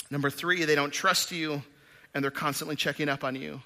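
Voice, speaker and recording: A man in his thirties preaching a sermon in church, moving from loud emphatic bursts to quiet asides. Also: fairly high pitch, steady tone, a little fast. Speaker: pastor.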